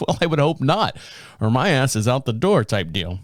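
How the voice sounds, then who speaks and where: A man's voice: medium pitch, very animated, a little slow, no echo, studio quality. A middle-aged man hosting a show, chatting casually in a rambling, self-deprecating way and swearing freely. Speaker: podcast host. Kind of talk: casual chat.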